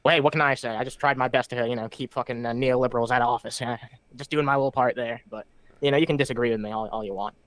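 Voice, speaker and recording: A man's voice: medium pitch, fairly even intonation, fairly bright tone, dry recording, voice pushed down, lightly acted. A man putting on a defensive conservative voter character who rambles, part of an improvised comedic bit on a live stream. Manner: fast, rambling, filler-heavy.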